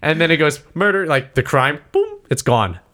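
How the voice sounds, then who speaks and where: A man's voice: a little high, moderate pace, slight background noise. A man chatting casually about a video game, telling stories with lots of laughter and acted-out lines. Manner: animated storytelling, laughs often, acts out voices. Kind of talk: casual gaming chat.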